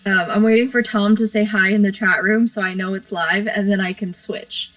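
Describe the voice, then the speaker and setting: A woman's voice: mid-range voice, fairly even intonation, normal speed, fairly bright tone, rough recording. A woman hosting a casual live stream from her bedroom, rambling, giggly and self-deprecating. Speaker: livestream host.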